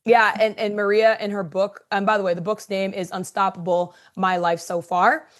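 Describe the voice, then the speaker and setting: A woman's voice: medium pitch, steady tone, normal speed. A woman co-hosting a sports podcast, talking conversationally with fillers and building to emphatic points. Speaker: podcast co-host. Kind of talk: casual chat.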